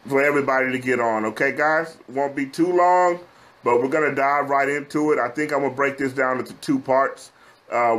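A man's voice: medium pitch, fairly bright tone. A middle-aged man with a Texan accent, hosting a casual business-advice livestream in a chatty, folksy way, full of fillers and asides to viewers. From Texas. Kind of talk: casual live-stream talk to viewers.

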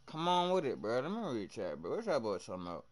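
A young man streaming live, excitably commenting on his game, shouting at teammates and chatting with viewers in heavy slang. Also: mid-range voice, fast talker. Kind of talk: live gameplay commentary and chat reading.

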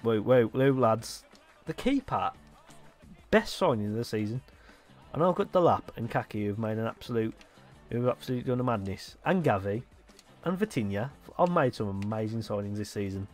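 A young man excitedly commentating his own football video game, swearing and shouting at his players. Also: lowish voice, moderate pace, soft background music. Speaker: gaming YouTuber.

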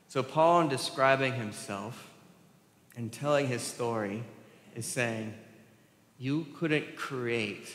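A man's voice: mid-range voice, a bit bright. A man preaching a sermon as pastor, talking conversationally, asking the congregation questions and laughing often. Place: church sanctuary. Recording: roomy hall reverb.

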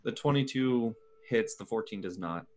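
Lowish voiced guy at the d&d table, relaxed, lots of uh's. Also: moderate pace. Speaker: player. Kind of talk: casual game chat.

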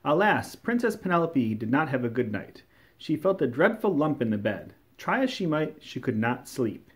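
A man reading a classic children's story aloud, telling it in a warm, expressive storytelling manner. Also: mid-range voice, moderate pace. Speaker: storybook reader.

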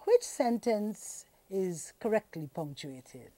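Woman teacher from Guyana, deliberate scripted lesson reading, mellow low voice, dry close sound. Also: no room sound. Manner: slow, deliberate reading with lively dictation-style emphasis.

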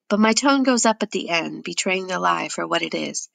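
Woman narrating audiobook, low, gravelly, dead dry sound. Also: normal speed, few pauses, fairly bright tone, no room sound. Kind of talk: scripted first-person audiobook narration.

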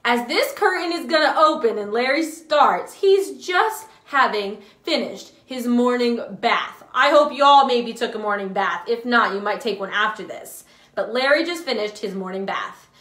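A woman's voice: a little high, animated, moderate pace, fairly bright tone, reverberant. A woman hosting a live children's show, telling a story in an enthusiastic, sing-song way. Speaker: children's ministry host.

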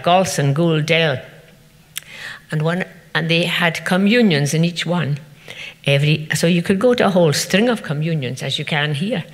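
An older woman, telling anecdotes to an audience and acting out the people she quotes. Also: fairly low pitch. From Scotland. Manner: chatty anecdotal storytelling, acting out quoted voices. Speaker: festival speaker. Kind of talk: storytelling talk to an audience. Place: event venue. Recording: echoey hall.

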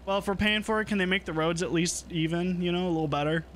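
A man's voice: sits high, steady tone, quick pace, a bit bright, a little hiss or hum. A man streaming a truck driving game, chatting casually and thinking aloud, swearing now and then. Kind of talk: casual gameplay chat.

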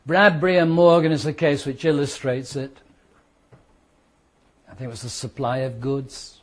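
A man teaching a law class, lively and conversational, asking the students questions and walking them through made-up scenarios. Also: mid-range voice, moderate pace. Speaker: law lecturer.

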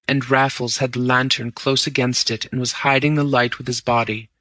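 A man narrating a story in the first person, reading in a steady, measured way. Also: medium pitch, no room sound. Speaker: audiobook narrator.

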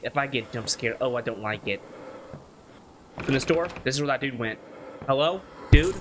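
A man's voice: medium pitch, animated, moderate pace, long pauses, background noise. A man giving nervous commentary while playing a horror game, muttering repeated worries and breaking into sudden yelps. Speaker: gaming YouTuber.

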